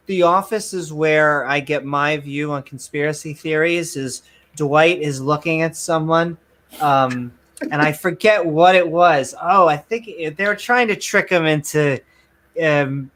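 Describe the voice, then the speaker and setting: A man co-hosting a casual podcast chat, telling stories in an animated way and laughing often. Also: on the high side, measured pace. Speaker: podcast co-host.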